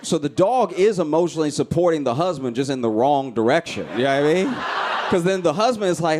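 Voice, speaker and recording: A man's voice: fairly high pitch, expressive, normal speed, over a noisy crowd, very noisy. A man performing a stand-up comedy set, telling a story and acting out screams and voices. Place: comedy club stage.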